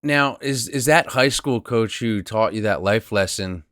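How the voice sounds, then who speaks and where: A man's voice: fairly low pitch, a little slow, fairly bright tone. A man hosting a podcast interview, asking long questions with many restarts and fillers. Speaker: podcast host.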